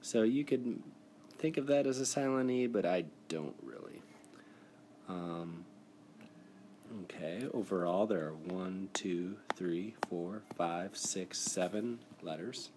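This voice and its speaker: This teacher speaks slowly in a low, somewhat dark voice while recording a screencast spelling lesson on his device's mic. He takes the steps patiently and encouragingly, with a touch of hiss or hum in the background.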